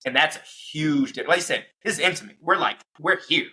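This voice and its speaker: A man's voice: medium pitch, brisk, rough recording. A young man, a professional fighter, recounting his fights in a casual interview and acting out the moments as he goes. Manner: animated, acts out fight moments and quotes. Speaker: professional MMA fighter, guest.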